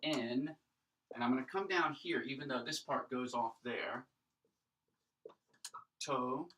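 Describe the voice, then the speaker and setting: A man's voice: mid-range voice, slow, bright, forceful tone, distant mic, poor audio. A man teaching a Greek grammar lesson at a whiteboard, thinking aloud as he writes and checking in with rhetorical questions. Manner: explanatory, thinks aloud while writing, asks rhetorical checks. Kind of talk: recorded classroom lecture at a whiteboard.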